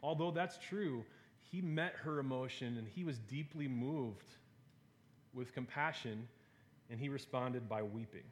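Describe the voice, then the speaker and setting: A man preaching a sermon to a gathered audience, talking in a relaxed, conversational way with fillers and playful asides. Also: mid-range voice, unhurried, slight background noise.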